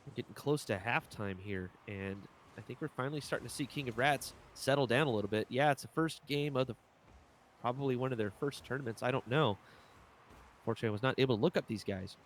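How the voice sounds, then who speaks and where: A man doing live play-by-play esports commentary, excitable and jokey, his voice jumping up on big plays. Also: quick pace, slight background noise. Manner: excitable jumps in pitch, jokey asides.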